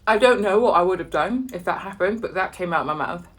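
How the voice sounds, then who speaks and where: Animated woman telling a story over dinner. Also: a little hiss or hum. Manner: animated, exasperated retelling with sudden high-pitched outbursts; pauses to savor food with soft murmurs. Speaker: vlogger. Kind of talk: casual storytelling while eating.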